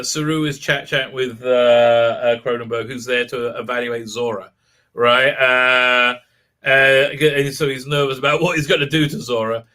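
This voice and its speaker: A man's voice: medium pitch, pushed and bright, clear, resonant tone. A man hosting a live stream, recapping a show in a sarcastic, mocking way with frequent laughs.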